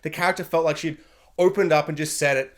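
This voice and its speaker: A high-pitched man reviews a TV season in an animated, gushing rant. He piles up superlatives and jumps into brief impressions of the characters. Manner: excitable, gushing, mimics characters in quick bursts.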